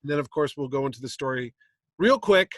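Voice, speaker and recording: A comic con panel host on a convention stage spins an animated story, performing lots of the quoted lines himself. He speaks at a medium pitch, fairly quickly, and there is no echo.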